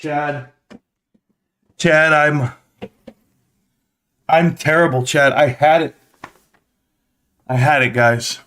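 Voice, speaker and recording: Excitable man hosting a live stream. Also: fairly high pitch, very slow, long pauses. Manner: excitable, talks straight to viewers. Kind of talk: casual rambling live stream rant. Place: home desk.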